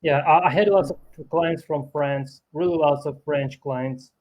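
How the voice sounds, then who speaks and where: A man from Ukraine speaking English in a casual chat, halting with many restarts and fillers. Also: fairly high pitch, fairly even intonation, dull audio, crowd noise. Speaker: programmer and YouTuber. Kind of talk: casual conversation.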